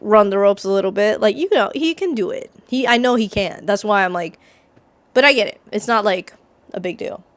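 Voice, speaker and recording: A woman's voice: medium pitch, no room sound. A woman co-hosting a casual chat, talking bluntly with many halts and fillers. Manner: blunt, halting, full of fillers. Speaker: podcast co-host.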